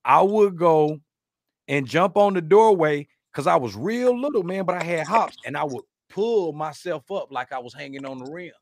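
A man hosting a podcast, chatting casually, joking, rambling through stories and giving shout-outs to listeners. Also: a little high, expressive, normal speed, no echo, studio quality. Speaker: podcast host.

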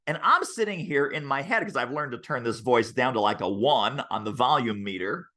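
A man talking as a sales expert on a podcast interview over a video call, telling stories and acting out the voices of the people in them. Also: moderate pace. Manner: lively, acts out quoted voices with big pitch jumps. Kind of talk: animated interview storytelling.

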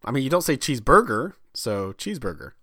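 A man from Kansas co-hosting a podcast in a relaxed, easygoing way and often laughing. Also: fairly low pitch, fairly quick, no echo, studio quality. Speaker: podcast co-host. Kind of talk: casual chat.

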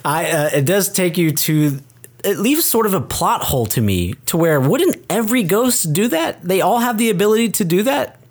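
A laid-back man chatting on a film podcast, trading opinions with his co-host. He pauses on "uh" and laughs easily as he talks. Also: sits high. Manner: relaxed, hesitant, with "uh" fillers and laughs. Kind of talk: casual chat.

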